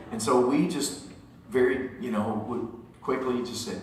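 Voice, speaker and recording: A middle-aged singer-songwriter telling an animated, joking story to a concert audience between songs. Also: male voice, mid-range voice, a little slow, very noisy. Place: theater stage. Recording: echoey hall recording from far off.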